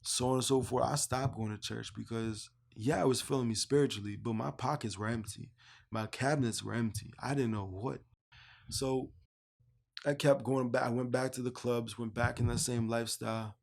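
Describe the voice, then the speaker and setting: Gravelly young man telling his story. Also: normal speed. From Canada. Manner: animated storyteller who acts out both sides of remembered dialogue in a higher voice. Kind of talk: casual personal testimony.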